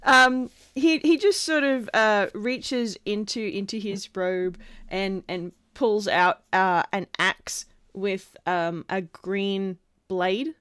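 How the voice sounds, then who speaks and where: Slow, halting woman game master. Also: medium pitch, fairly even intonation, fairly bright tone, smooth, no echo. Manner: halting, full of fillers and laughs. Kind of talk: running a tabletop game over a call.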